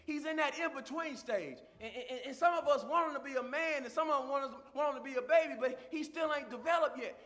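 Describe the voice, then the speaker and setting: A man preaching a sermon with passion, swelling into shouts and repeating phrases for emphasis. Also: extremely high pitch, fast talker, hardly any pauses, in a large hall.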